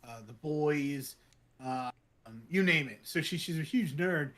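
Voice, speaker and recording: Bright-voiced man telling excitable stories. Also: a little high, unhurried. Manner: excitable storytelling, many fillers and restarts, laughs often. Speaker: podcast co-host. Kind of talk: casual chat.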